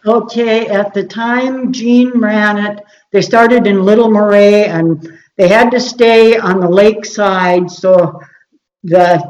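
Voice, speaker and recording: A woman's voice: mid-range voice, steady tone, slow, darkish tone, poor audio. An older woman, a guest telling stories in a casual interview and laughing often. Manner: chatty storyteller, laughs often. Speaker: guest, race organizer.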